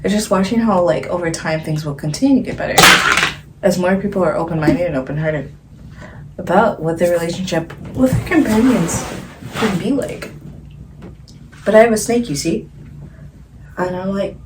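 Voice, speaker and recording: A woman's voice: on the low side, normal speed, pauses often, background noise. A woman vlogger channeling late at night at home, rambling dreamily and giggling between thoughts.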